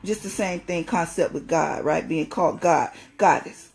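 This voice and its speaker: A woman's voice: low-pitched, normal speed, gravelly, a little mellow. A woman giving an impassioned spiritual talk, emphatic and preachy, repeating phrases for stress.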